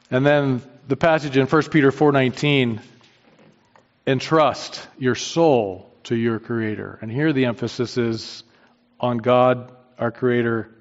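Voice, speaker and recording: A man preaching a sermon, earnest and emphatic, repeating his key phrases for weight. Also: mid-range voice. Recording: dull sound with long hall reverb.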